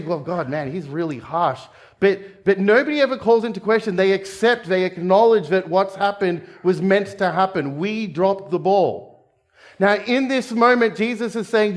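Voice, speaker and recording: A man from Australia, a pastor preaching a conversational sermon, asking the congregation questions and dropping jokey asides. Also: sits high. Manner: jokey asides with quick laughs.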